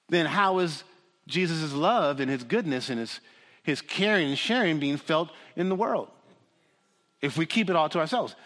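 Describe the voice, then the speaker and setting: A man preaching a sermon as a pastor, dramatic, swinging from loud pleading to hushed near-whispers. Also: mid-range voice. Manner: dramatic, shifts from shouting to hushed. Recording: long hall reverb.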